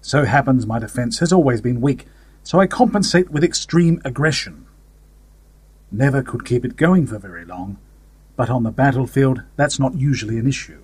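A man with a husky, slightly breathy voice reads a story in the first person, wry and conversational. His delivery swings lively up and down in pitch, and the recording is close and dry with no room sound. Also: normal speed, dry recording. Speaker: story narrator. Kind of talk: audiobook fiction reading.

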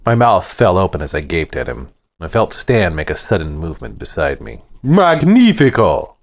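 Deep-voiced, expressive male storyteller. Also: fairly quick. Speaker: narrator. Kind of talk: first-person fiction narration.

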